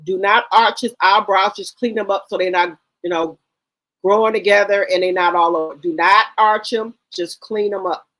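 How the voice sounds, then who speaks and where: A woman's voice: mid-range voice, steady tone, normal speed, fairly bright tone, low-quality recording. An older woman, hosting a casual gossip chat in a sassy, profane, emphatic way. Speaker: talk show host.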